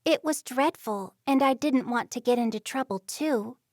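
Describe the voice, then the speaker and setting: In a storybook reading, a woman voices a chatty, playful younger Amish sister who sounds worried. Her fairly high, slightly mellow natural voice is pitched above her own and comes at a normal speed, recorded dry with clean studio sound.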